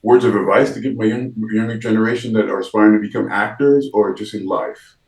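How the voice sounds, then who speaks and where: A man, an actor, telling an animated story about his start in a casual interview, acting out the voices of the people in it. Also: lowish voice, fast, reverberant, far from the mic, poor audio. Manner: animated storyteller, acts out quoted dialogue, frequent restarts.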